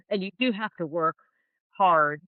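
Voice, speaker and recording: A woman in her sixties, a home warranty rep, chatting warmly as a guest on a podcast and telling stories from her career. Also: lowish voice, expressive, takes it slowly, dry recording, phone-quality sound. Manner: warm, chatty storyteller. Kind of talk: casual interview chat.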